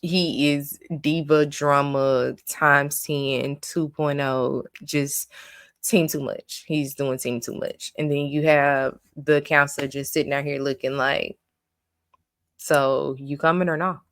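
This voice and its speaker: A woman's voice: deep voice, level tone, slow, dry recording, clean studio sound. A woman giving a casual recap and review of a reality show, blunt and opinionated, venting her exasperation.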